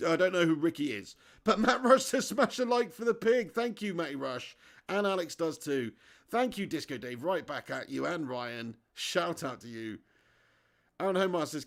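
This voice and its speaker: A fairly high-pitched man talks casually into his streaming mic, thanking viewers and reading their chat messages aloud. His delivery is loose and friendly, broken up by frequent laughs. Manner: chatty, reads viewer comments aloud, laughs often. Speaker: live stream watch-along host. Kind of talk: casual live-stream chat and match commentary.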